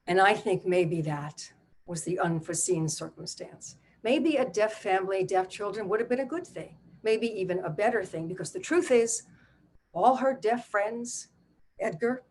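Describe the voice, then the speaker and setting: An older woman performs a one-woman stage story with a wry, animated, conversational delivery. Her voice is husky and sits in a mid range. She talks to the audience like she is chatting with friends. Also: mid-range voice. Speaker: playwright and solo performer.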